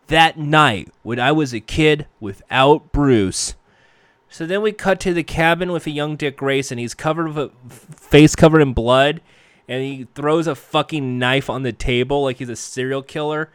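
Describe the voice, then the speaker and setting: A man's voice: fairly high pitch, fairly even intonation, normal speed, smooth, dry recording. A man casually recapping a show with jokey, profane, self-mocking asides.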